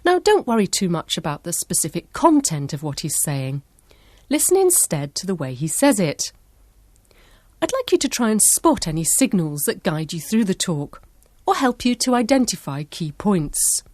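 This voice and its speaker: A woman narrating an educational lesson in a clear, measured voice. She sits low in her range but moves her pitch around a lot. The sound is close and dry. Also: sing-song, a little mellow, dry recording. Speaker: course narrator.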